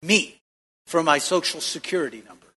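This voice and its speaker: Male pastor, bright ringing voice, call-and-response sermon, echoey church hall. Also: on the high side, normal speed, slightly rough. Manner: preaching with call-and-response questions to the congregation.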